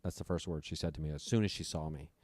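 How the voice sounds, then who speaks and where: Male guest, low voice, profane storyteller, dry mic. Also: fast talker, a little mellow, no echo. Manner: profane, breathless retelling. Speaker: podcast guest. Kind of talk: storytelling on a comedy podcast.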